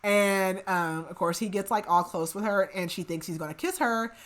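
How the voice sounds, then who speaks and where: A woman hosting a podcast, recapping a book in casual chat, rambling with lots of filler "like" and dropping into soft murmured asides. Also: mid-range voice, moderate pace. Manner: rambling, heavy use of filler "like", chatty asides; laughs at her own remarks, drops to soft murmured asides. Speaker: podcast host.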